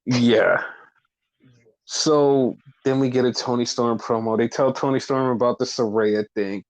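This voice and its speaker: A man co-hosting a podcast, casually recapping wrestling in animated, profane storytelling that acts out the quotes. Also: mid-range voice, measured pace. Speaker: podcast co-host. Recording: dull lo-fi podcast audio.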